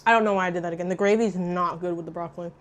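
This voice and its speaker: A young woman chatting casually while eating on camera, loud and profane, jumping between shrieks and low mutters. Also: steady tone, very fast. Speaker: mukbang vlogger. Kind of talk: casual eating vlog chat.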